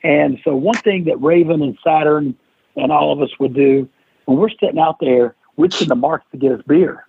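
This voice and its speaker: A man's voice: a little high, moderate pace, creaky, husky, no room sound. A man, a guest on an interview podcast, telling a long story and acting out the quoted lines of the people in it. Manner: animated storyteller who acts out quoted lines. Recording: dry, tinny phone-like line.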